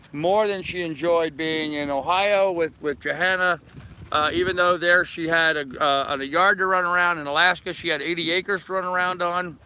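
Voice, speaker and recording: An older man with a bright, forceful voice rambles in a folksy, easygoing way, live-streaming from his sailboat deck. His voice sits a little high for a man. Faint outdoor noise drifts behind him. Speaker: sailing vlogger. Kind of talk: casual live-stream chat.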